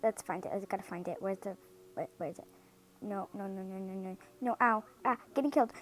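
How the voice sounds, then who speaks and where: A woman hosting her own gaming channel, giving casual gameplay commentary with excitable, dramatic outbursts. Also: medium pitch, fairly quick, dry recording, poor audio.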